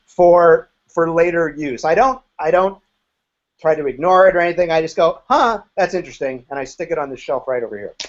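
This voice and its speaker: A former group member in his fifties tells his story as an interview guest, speaking frankly and now and then with profanity. His voice is on the high side and fairly quick, and the audio is dull.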